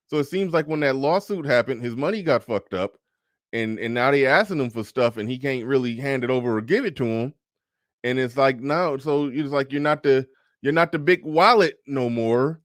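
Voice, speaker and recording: A man's voice: mid-range voice, normal speed, no echo, studio quality. A man hosting a reaction commentary, casual and profane, speaking. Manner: casual, profane, reads posts aloud in changing voices. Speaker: commentary host.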